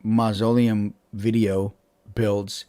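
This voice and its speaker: A man's voice: fairly low pitch, little pitch movement, slow, warm tone, smooth, no room sound. A man hosting a casual live stream from home over a webcam, rambling with fillers and restarts and laughing often. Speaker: channel host chatting with live viewers.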